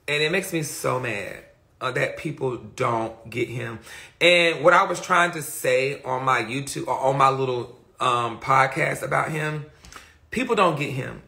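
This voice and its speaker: A man's voice: medium pitch, measured pace, gravelly, pushed and bright. A man hosting a livestream rant, blunt and profane, reading chat comments aloud between points, speaking into a phone. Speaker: livestream host.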